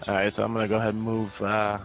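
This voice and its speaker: A man playing a tabletop mech game, relaxed and laid-back in his casual chat. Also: lowish voice, racing, soft background music. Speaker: player.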